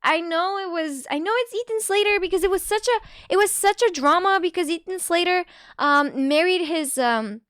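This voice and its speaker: A woman streamer chatting casually on a live stream, giggly and quick with asides, leaning on "like" a lot. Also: very high voice, fairly bright tone, no room sound, studio quality.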